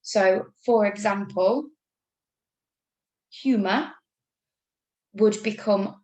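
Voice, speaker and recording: An English woman teacher reads out a spelling test for children, upbeat and patient as she spells words out letter by letter. Her voice has a gravelly edge and sits in a middling register. The sound is echoey, as if in a bare room. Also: medium pitch, steady tone. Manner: upbeat, talks slowly through spelling rules. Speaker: primary school teacher. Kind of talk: remote spelling lesson.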